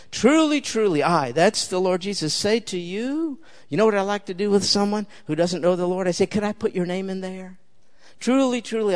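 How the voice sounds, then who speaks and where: An older man preaching a sermon, emphatic and conversational, often turning to the listeners with direct questions. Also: fairly high pitch.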